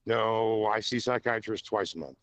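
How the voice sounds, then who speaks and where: A man's voice: fairly low pitch, moderate pace, a bit bright, no room sound. A man calling into a radio show, defiant and sarcastic with the hosts. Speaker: caller. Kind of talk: phone call to a radio show.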